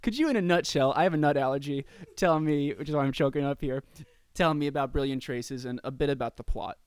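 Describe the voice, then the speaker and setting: A man's voice: a little high, quick pace, clean tone, no room sound, studio quality. A man hosting a casual interview, cracking puns and playful asides. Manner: punning, playful patter. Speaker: podcast host.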